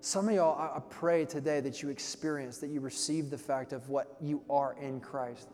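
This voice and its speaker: A young man preaching a sermon, casual and slangy, swinging from soft tones to loud energetic bursts. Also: medium pitch, normal speed, soft background music. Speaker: pastor. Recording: long hall reverb.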